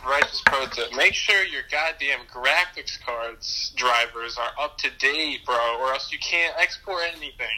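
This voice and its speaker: A man's voice: medium pitch, unhurried, few pauses, pushed and bright. A man who works as a designer, talking in a blunt, hyped way and swearing casually. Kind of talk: casual chat. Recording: noisy recording with clicks.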